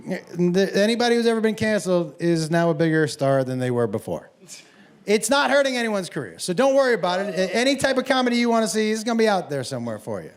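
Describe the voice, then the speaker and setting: A man performing a stand-up comedy set, telling an animated story and acting out the people in it. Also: sits high, quick pace.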